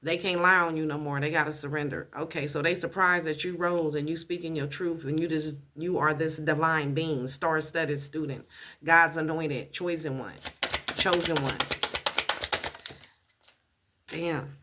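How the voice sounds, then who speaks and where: A woman's voice: low-pitched, steady tone, normal speed, noisy background. A woman giving a casual tarot reading, blunt and profane, repeating her points for emphasis. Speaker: tarot reader.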